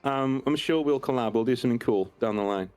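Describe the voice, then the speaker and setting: A man's voice: mid-range voice, a little fast, darkish tone, faint music behind. A man playing a tabletop role-playing game, brash and profane in character. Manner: brash, swearing, in-character banter. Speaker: player.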